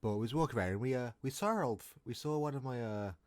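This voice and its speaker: A man's voice: medium pitch, animated, very fast, a little mellow. A man telling a story in a casual, rambling, jokey way, often restarting his sentences. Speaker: storytime vlogger.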